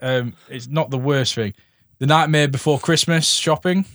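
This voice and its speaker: A man's voice: on the high side, moderate pace, fairly bright tone, dry recording, studio quality. A man co-hosting a podcast, trading film puns in a casual, laughing chat. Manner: joking, pun-making, laughs often. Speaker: podcast co-host.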